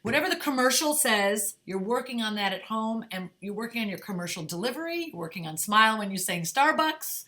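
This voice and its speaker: Bright-voiced woman coaching actors. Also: on the high side, lively intonation, fairly quick, few pauses. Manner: emphatic, conversational, asks "okay?" and "right?". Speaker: talent manager giving acting advice. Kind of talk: direct-to-camera advice talk.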